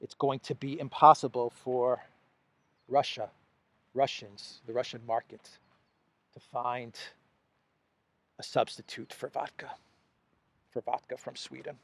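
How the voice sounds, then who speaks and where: A man's voice: mid-range voice, fairly even intonation, a little slow, gravelly, long pauses, a bit bright, dry recording. A man hosting solo political commentary, talking sarcastically with mock enthusiasm and repeated phrases. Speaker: host of a news commentary channel.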